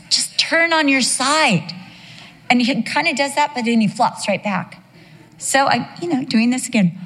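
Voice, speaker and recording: A woman's voice: on the high side, fairly bright tone, slightly rough. A middle-aged woman pastor preaching a sermon with humor, acting out the voices in her stories. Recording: long reverb of a large hall.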